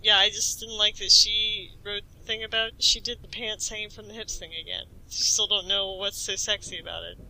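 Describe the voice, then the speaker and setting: A podcast co-host with a very bright, sharp voice. The tone is casual and matter-of-fact, with quick asides in a book-discussion chat. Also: medium pitch, flat delivery, creaky, poor audio.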